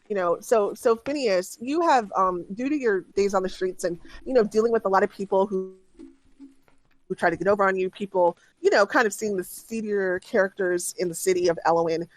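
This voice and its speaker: A woman's voice: mid-range voice, dry recording. A woman narrating a tabletop game as dungeon master, telling the story with many fillers and little laughs.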